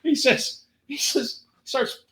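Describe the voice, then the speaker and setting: Guy doing a stand-up bit, high bright voice, keeps laughing at his own jokes, echoey room. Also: takes it slowly. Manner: animated, laughs through his own punchlines. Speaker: guest, former stand-up comedian. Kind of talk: stand-up storytelling on a podcast.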